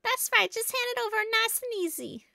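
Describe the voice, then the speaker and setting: A woman's voice: extremely high pitch, expressive, a little fast, creaky, bright, forceful tone, no echo, clean studio sound, voice pushed up, exaggerated voice. A woman voicing bossy, bratty kids in a game, whiny and pushy. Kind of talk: reading game dialogue aloud.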